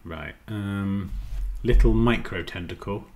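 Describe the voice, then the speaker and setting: A man's voice: on the low side, slow, a little mellow. A man chatting casually on a design livestream, rambling and muttering as he works. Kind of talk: casual livestream chat while editing.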